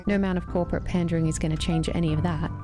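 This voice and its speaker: A woman's voice: fairly low pitch, steady tone, very fast, close to an everyday voice. Grumpy cynical townsperson, scornful, grumbling, woman voicing, game music.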